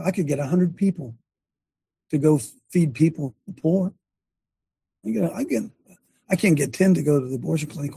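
Gravelly husky preacher man, fired up. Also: warm tone, no echo. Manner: passionate, ranting, pitch leaping up when fired up. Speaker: preacher and show host. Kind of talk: fiery preaching to a congregation.

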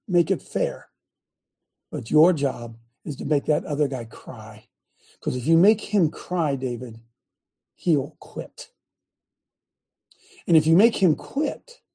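Husky older man, fiery shouting preacher. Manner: impassioned, swings between yelling and low muttering. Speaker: host and preacher.

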